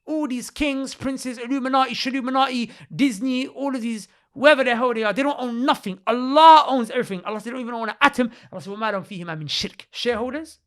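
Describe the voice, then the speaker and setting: A man talking with emotion in a religious podcast discussion, repeating himself for emphasis, restarting his sentences and reciting Arabic verses in quick bursts. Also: extremely high pitch, fairly bright tone. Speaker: podcast speaker.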